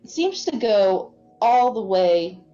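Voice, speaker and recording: A woman's voice: medium pitch, big pitch swings, takes it slowly, dark tone, highs cut off, soft background music. A woman running an online tabletop game as game master, describing scenes casually with many fillers.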